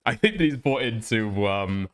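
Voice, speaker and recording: A man's voice: lowish voice, expressive, normal speed, fairly bright tone. A male livestream host giving crude, incredulous reaction commentary and swearing heavily.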